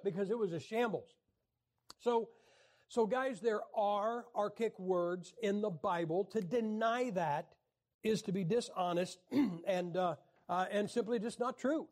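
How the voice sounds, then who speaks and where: A man teaching a Bible class in a wry, joking lecture style, often clearing his throat. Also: high-pitched, a little slow, darkish tone.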